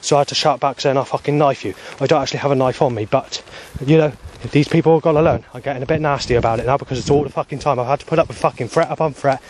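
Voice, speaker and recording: A man's voice: mid-range voice, fairly even intonation, rapid-fire, a little mellow. A man vlogging outdoors on a walk, talking agitatedly with heavy swearing into a handheld camera. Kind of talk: rambling outdoor video diary. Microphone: handheld camera he stops himself.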